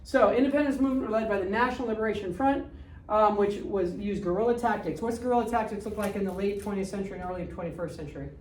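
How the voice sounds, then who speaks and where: A woman's voice: medium pitch, fast talker, a little mellow, a little hiss or hum. Older lady lecturing a class, blunt, fires questions at students, sounds far off in a roomy space. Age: 60s. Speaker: history teacher. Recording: echoey room, distant mic.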